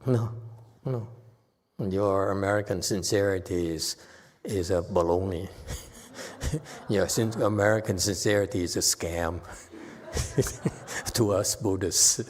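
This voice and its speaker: A man's voice: sits low, steady tone, slow pace, pauses often. A man as a Buddhist meditation master, giving a teasing Dharma talk, chuckling often and poking fun at himself. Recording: long hall reverb.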